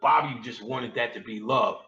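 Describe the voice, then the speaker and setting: This is live stand-up storytelling: a man of medium pitch and moderate pace spins crude comic tales for an audience in a lecture room. Profanity and slang run throughout, and he laughs and shouts at his punchlines. The sound is echoey and lo-fi, as if from a distant microphone.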